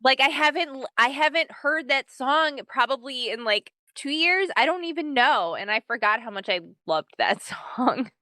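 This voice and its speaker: Bright, smooth-voiced woman host. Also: high-pitched, expressive, normal speed, few pauses, no room sound, clean studio sound. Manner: casual, enthusiastic, swears freely. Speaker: podcast host. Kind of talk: casual podcast chat.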